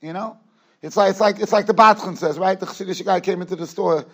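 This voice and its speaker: A man giving a lecture as a rabbi, emphatic one moment and hushed the next, often repeating his phrases. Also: high-pitched, fast. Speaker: rabbi giving a Torah class. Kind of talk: yeshiva lecture. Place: yeshiva study hall.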